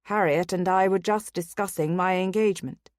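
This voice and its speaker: A woman reading a calm, arrogant young nobleman in a low, quiet, even voice in an audiobook. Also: moderate pace, dry recording, clean studio sound, natural voice.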